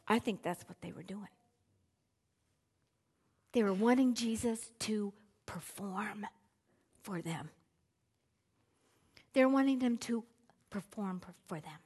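A woman preaching a Bible teaching, dramatic and deliberate, acting out the people in the story and dropping to near whispers. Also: mid-range voice, a little mellow, husky. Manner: dramatic, acts out quoted voices. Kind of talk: sermon.

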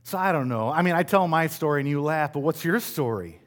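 Preaching with a lively, slightly high voice at a brisk pace, this middle-aged West Michigan pastor keeps things conversational, pokes fun at himself and asks the congregation rhetorical questions.

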